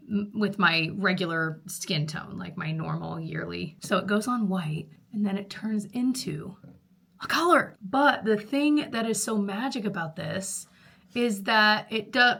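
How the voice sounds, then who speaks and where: A woman in her thirties chatting casually to camera as a vlogger, rambling with fillers and quick laughs. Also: mid-range voice, pushed and bright. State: out of breath.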